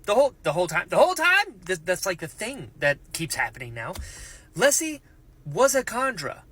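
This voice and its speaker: Male book reaction host, bright tone, swoops up and down a lot, excitable and gushing. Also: sits high, normal speed, breathy edge, rough recording. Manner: excitable, gushing, thinks aloud with many rhetorical questions. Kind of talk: casual book reaction vlog.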